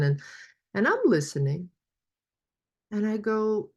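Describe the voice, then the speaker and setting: A woman's voice: mid-range voice, expressive, slow, long pauses. A woman coach leading an online workshop and telling stories in an encouraging way, with many fillers, on a video call. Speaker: money coach.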